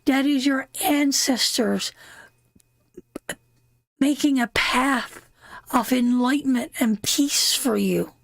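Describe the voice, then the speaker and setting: A woman's voice: sits high, dry recording. A middle-aged woman from Canada giving a live tarot reading, emotional and heartfelt, repeating phrases for emphasis. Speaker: tarot reader hosting a live stream.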